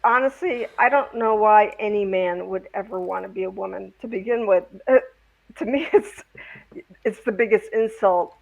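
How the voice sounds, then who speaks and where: A woman guest speaking slowly and haltingly in a casual interview. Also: mid-range voice, vocal fry, low-quality recording. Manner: slow, halting, measured.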